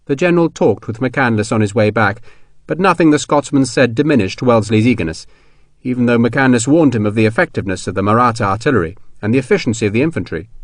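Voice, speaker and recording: Brief: male audiobook narrator, lively intonation, dry close studio sound. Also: fairly low pitch, quick pace, no room sound. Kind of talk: scripted narration.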